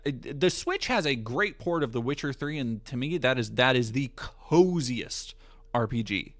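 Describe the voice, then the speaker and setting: A man's voice: mid-range voice, lively intonation, moderate pace. Profane, joking male streamer. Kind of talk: casual live-stream chat.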